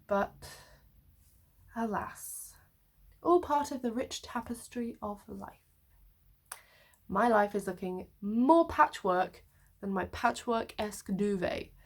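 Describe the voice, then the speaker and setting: A woman in her twenties chatting to camera in her bedroom, rambling along with wry, self-mocking asides. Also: medium pitch. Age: 20s. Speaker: vlogger. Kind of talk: casual chat to camera. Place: her bedroom, sitting on the floor.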